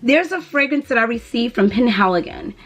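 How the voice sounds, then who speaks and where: Animated sing-song woman vlogger. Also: fairly high pitch, fairly quick. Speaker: beauty and lifestyle vlogger. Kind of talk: casual chatty vlog.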